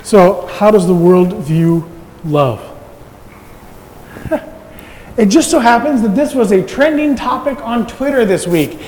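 High-voiced pastor preaching in a hall. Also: male voice, lively intonation, takes it slowly, pauses often, a little mellow. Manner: conversational preaching with light humor. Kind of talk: sermon.

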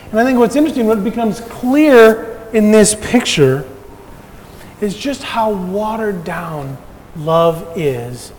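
A pastor with a high, light voice preaches to his congregation. He talks in an easy, conversational way with touches of humor. His voice rings through a reverberant church hall. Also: darkish tone. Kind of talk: sermon.

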